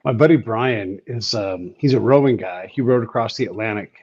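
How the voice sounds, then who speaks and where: Animated man telling anecdotes, lo-fi sound. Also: lowish voice, normal speed, husky, dry recording. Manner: animated storyteller, acting out quotes with a rising voice. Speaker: podcast host. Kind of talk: casual podcast chat.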